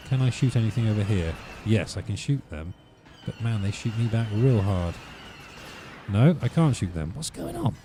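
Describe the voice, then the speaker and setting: A man's voice: on the low side, warm tone, a little hiss or hum. A man hosting a let's play, rambling through wry, ranting commentary while he plays.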